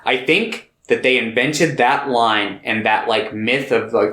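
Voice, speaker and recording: A man's voice: medium pitch, slow pace, sharp tone. Laid-back young man, echoey room. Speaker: podcast co-host. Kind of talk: casual film review chat.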